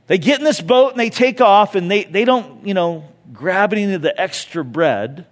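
A man's voice: high-pitched, animated, normal speed. A man preaching a sermon as a pastor. He talks in a conversational way, with joking asides, and he leans hard into key phrases.

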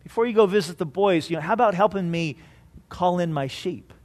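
A preacher doing a teasing sheep farmer. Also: male voice, sits high, brisk, natural voice. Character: good-humored older male sheep farmer, teasing.

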